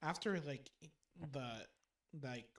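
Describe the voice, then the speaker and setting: A man co-hosting a casual podcast, excitedly retelling a story and acting out the characters' lines. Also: medium pitch, takes it slowly. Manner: animated retelling, acting out quotes. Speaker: podcast co-host. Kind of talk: casual chat.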